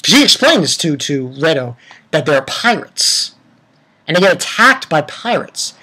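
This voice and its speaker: Lively, profane young man recapping anime. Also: on the high side, measured pace, husky. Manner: rambling, profane, many restarts. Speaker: anime reviewer. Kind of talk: casual episode recap.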